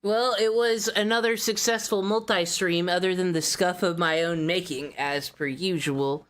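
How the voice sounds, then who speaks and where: A woman's voice: lowish voice, steady tone, normal speed, a bit bright. A woman streamer chatting casually, wry and rambling, swearing offhandedly.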